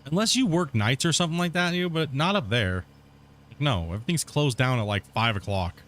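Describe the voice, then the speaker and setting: A gaming streamer with a medium-pitched, expressive, slightly bright voice rants heatedly at his viewers in casual chat while playing. He speaks briskly and swears a lot.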